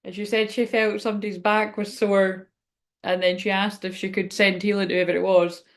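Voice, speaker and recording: A woman's voice: mid-range voice, little pitch movement, fairly quick. A woman speaking as a spiritual reader in a rambling, frank livestream chat, swearing now and then.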